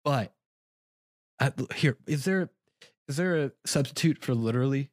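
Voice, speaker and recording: A man's voice: medium pitch, normal speed, no room sound, studio quality. A young man co-hosting a podcast in casual chat, rambling through a story, laughing at himself often. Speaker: podcast co-host.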